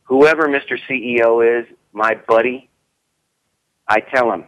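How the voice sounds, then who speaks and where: Middle-aged guy giving a pep talk in an interview, blunt and folksy, hammers his points over and over, medium pitch. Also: unhurried, long pauses, fairly bright tone, dull audio. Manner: emphatic and repetitive, folksy and blunt. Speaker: business turnaround consultant, guest.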